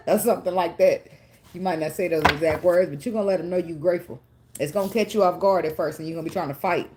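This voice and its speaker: A woman's voice: on the low side, fast, mellow. A woman, giving a casual tarot reading in a chatty way, swearing, laughing often and getting emotional. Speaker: tarot reader.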